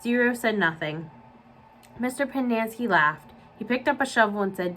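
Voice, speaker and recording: A woman children's librarian reading a novel aloud for young listeners, with clear, steady storytelling. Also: fairly high pitch, moderate pace, slight background noise, rough recording.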